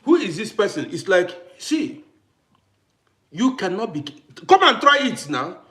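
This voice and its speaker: A man's voice: high-pitched, sing-song, measured pace, fairly bright tone. A man with grown children, ranting to camera on his vlog in an emphatic, repetitive, challenging way. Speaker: vlogger. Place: living in Austria.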